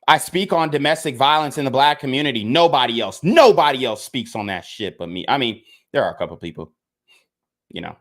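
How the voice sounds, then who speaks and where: Young male vlogger, fed-up and emphatic, mid-pitched voice, repeats points and curses. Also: animated, a little fast, a bit bright. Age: young adult. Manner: frustrated, emphatic, repeats himself, swears. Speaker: content creator. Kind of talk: casual rant to camera.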